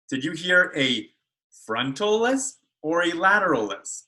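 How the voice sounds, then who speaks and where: A man's voice: on the high side, very animated, measured pace, pushed and bright, poor audio. A man speech therapist teaching children how to make speech sounds in a video lesson, carefully modeling each sound. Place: school.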